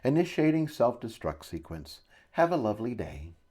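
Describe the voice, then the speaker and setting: A man's voice: mid-range voice, big pitch swings, normal speed, darkish tone, slightly rough. A man doing a courteous British bank avatar. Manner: courteous, formal. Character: polite male bank avatar, pixelated and courteous.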